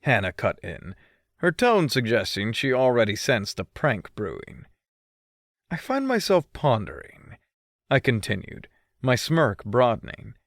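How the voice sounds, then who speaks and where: A man's voice: on the low side, animated, measured pace, gravelly, fairly bright tone, dry recording, studio quality. A male audiobook narrator reading a first-person story with a mischievous, teasing manner.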